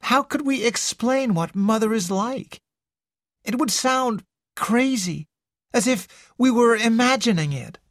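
An audiobook reader voicing a worn-down young woman who pleads in an emotional, hopeless way, pitched well above the reader's own voice. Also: animated, a little slow, a bit bright, no room sound, studio quality. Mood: desperate.

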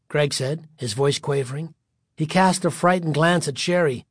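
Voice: mid-range voice, moderate pace, slightly rough, no room sound, studio quality. An audiobook narrator reading a spooky children's story in a vivid, suspenseful way.

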